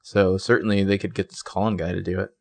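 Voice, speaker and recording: A man's voice: low voice, flat delivery, quick pace, creaky, darkish tone, no room sound. A man co-hosting a casual TV recap podcast, chatting with dry, sarcastic asides. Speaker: podcast co-host.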